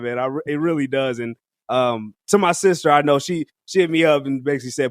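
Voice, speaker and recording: Podcast co-host, male, higher-pitched, loose and slangy, frequent laughter, dry booth. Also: fast, no echo. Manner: slangy, laughs often, rambling restarts. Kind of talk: casual music review chat.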